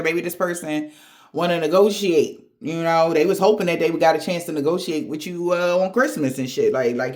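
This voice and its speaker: A woman tarot reader with a low voice speaks at a moderate pace, giving viewers a casual spiritual reading. She's candid, blunt and profane, chatting along with laughing asides.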